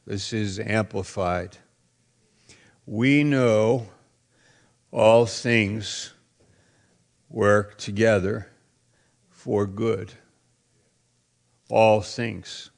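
Slow gravelly preacher guy, hammers the same phrases over and over. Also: fairly low pitch, steady tone. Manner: emphatic preaching, repeats phrases, bursts into shouts. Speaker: pastor. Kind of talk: sermon.

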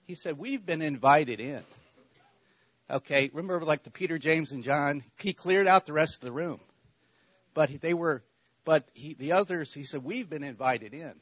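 A man's voice: a little high, normal speed, fairly bright tone, no echo, dull audio. A man giving a conversational faith talk at church, repeating himself and checking in with the listeners. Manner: repetitive, checks in with "okay?". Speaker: church speaker.

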